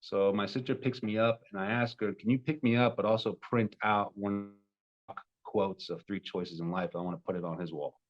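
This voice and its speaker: Young male coach in his twenties, lowish voice, muffled lo-fi audio, storytelling that flares loud. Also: moderate pace. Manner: emotional, animated retelling with sudden loud peaks. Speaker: love coach. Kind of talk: personal storytelling.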